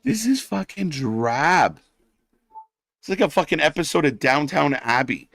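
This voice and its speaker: A man's voice: on the high side, sing-song, a little slow, creaky, a bit bright, no room sound. A man hosting a wrestling watch-party stream, ranting in sarcastic, heavily profane live commentary. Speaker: watch-party livestream host.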